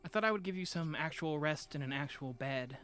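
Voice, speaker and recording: A man's voice: a little high, animated, fairly quick, a bit bright, soft background music. A man voicing a blunt, weary male friend in a scripted audio drama, speaking in a dry, matter-of-fact way.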